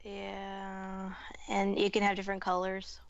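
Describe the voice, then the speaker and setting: A woman's voice: medium pitch, completely flat delivery, a little slow. Chatty young woman, dull podcast audio. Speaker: podcast co-host. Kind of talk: casual chat.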